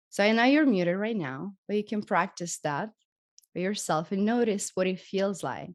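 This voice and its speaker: Gentle European woman teaching healing. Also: mid-range voice, expressive, moderate pace. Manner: gentle, encouraging, demonstrates voice techniques. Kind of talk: live group workshop teaching.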